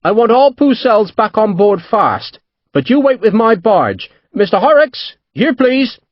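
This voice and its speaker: A man reading a brisk Devon naval captain who talks fast and urgently, barking orders and brushing people aside. The voice leaps up and down, a bit husky, in a dull, dry studio read. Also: a little high, very animated, no echo. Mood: commanding. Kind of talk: audiobook character voice.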